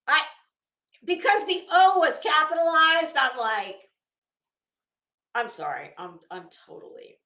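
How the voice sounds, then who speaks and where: Tired, slow-talking woman livestream host. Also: high voice, lively intonation, pushed and bright, reverberant. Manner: rambling, trails off. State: tired, worn out. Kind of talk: casual livestream chat reading comments.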